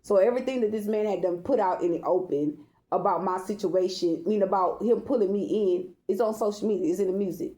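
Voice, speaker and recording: A woman's voice: medium pitch, dark tone. A woman speaking bluntly in a personal monologue, with profanity and slang.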